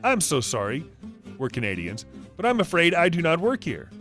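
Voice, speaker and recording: A man voicing a very tall, calm man who answers politely in a smooth, soft tone. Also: on the high side, normal speed, soft background music.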